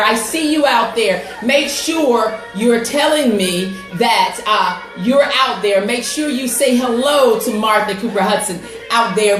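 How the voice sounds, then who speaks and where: A woman's voice: on the high side, echoey room. A woman hosting a live-streamed talk show who greets her viewers by name with upbeat energy. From United States. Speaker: host and life coach. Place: home setup with computer.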